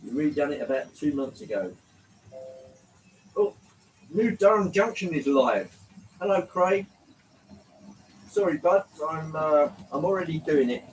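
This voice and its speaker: An English man with a slight London lilt hosts a relaxed live stream, talking in a somewhat higher register. He chats easily, greets viewers one by one, and drops the odd mild swear word with a laugh. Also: unhurried, long pauses, slight background noise, low-quality recording. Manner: chatty, greets viewers by name, swears lightly, laughs often. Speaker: livestream host. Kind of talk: casual live-stream chat.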